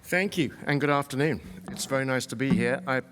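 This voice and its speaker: A man's voice: mid-range voice, a little fast, noisy background. British man giving a keynote in a hall. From England. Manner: self-deprecating, conversational, with restarts. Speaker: keynote speaker. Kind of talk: conference keynote talk. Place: large conference hall. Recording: hall reverb, heard from a distance.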